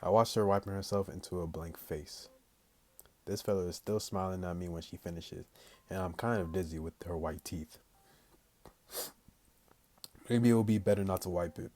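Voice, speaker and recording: Low-voiced male streamer reading a visual novel aloud, with slangy asides to chat. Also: brisk, warm tone. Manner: plain read-aloud, breaks off into slangy chat to viewers. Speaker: gaming channel host.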